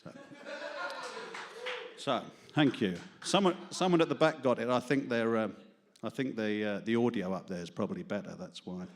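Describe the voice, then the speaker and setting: A man's voice: lowish voice, moderate pace. A man with a London accent doing self-deprecating, rambling stand-up and poetry at an open mic before a small studio audience, laughing at his own jokes. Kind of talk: stand-up comedy and poetry reading.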